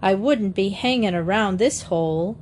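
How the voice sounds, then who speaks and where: A woman voicing a friendly, relaxed young man who jokes with children and gives warnings. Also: mid-range voice, normal speed, a little hiss or hum, lightly acted. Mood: easygoing. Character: young man Tom, easygoing and kind driver.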